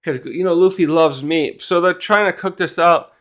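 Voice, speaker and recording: A man's voice: on the high side, moderate pace, fairly bright tone. A man with a slightly raised voice talks through a manga chapter in a loose, rambling way. He gets sidetracked, fills gaps with filler words and swears casually at small hitches. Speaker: manga reviewer.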